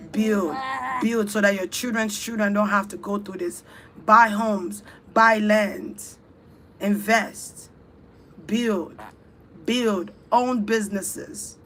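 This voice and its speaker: A woman's voice: medium pitch, fairly bright tone, a little hiss or hum. A woman leading a spiritual ritual talk, urging listeners on in fervent, repetitive, chant-like phrases. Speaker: spiritual speaker.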